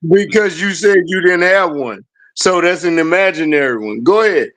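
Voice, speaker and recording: A man's voice: high-pitched, expressive, moderate pace, fairly bright tone. A man hosting a casual chat, telling stories animatedly and laughing often.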